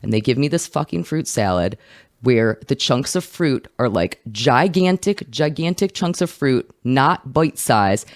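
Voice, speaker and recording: A woman hosting a comedic film review podcast, telling stories as a profane, animated ranter. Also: extremely low pitch, unhurried, dry recording, studio quality. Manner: profane, animated ranting storyteller. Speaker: host.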